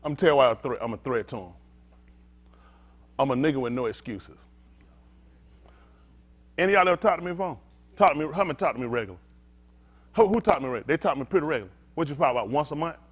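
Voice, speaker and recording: A man preaching a sermon-style teaching with call-and-response. He talks bluntly, swinging between loud emphatic outbursts and low muttered asides. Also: lively intonation, fast, pauses often. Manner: blunt, street-talking preacher. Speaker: pastor.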